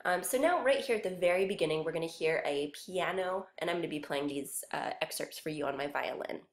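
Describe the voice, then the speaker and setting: A woman teaching a music lesson in a patient, explanatory way. Her voice sits a little low for a woman. The recording carries a noticeable roomy echo. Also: fairly quick. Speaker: music instructor. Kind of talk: recorded classroom lecture.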